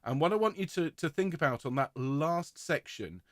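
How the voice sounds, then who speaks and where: A man directing a choir rehearsal, giving clear, encouraging instructions and singing out rhythms to demonstrate them. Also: a little high, lively intonation, normal speed, no echo, studio quality.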